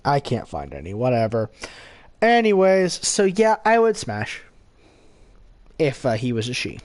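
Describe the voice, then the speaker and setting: A man's voice: medium pitch, huge pitch swings, measured pace, darkish tone. A man hosting a gaming channel, giving rambling casual commentary with frequent self-corrections and giggly asides.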